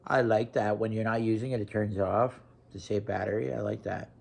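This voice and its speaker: A man's voice: lowish voice, steady tone, a little fast, gravelly, a little mellow. A young man from Wisconsin, ranting casually to camera with blunt, profane talk and lots of restarts. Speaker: vlogger.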